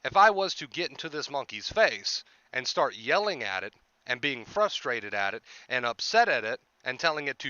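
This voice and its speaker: Guy coaching about the mind, earnest, keeps asking right?, smooth crisp voice, kinda dull lo-fi sound. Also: medium pitch, sing-song, moderate pace, pushed and bright, no room sound. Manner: earnest, repeats rhetorical questions with tag "right?"; clears throat now and then. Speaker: anxiety coach. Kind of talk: explanatory self-help monologue.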